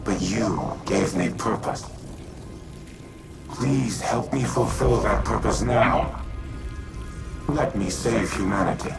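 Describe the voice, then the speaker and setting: A man voicing a grave, ancient male warmind AI in a video game, giving formal, measured commands. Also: on the low side, vocal fry. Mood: pleading. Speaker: game character. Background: loud game music.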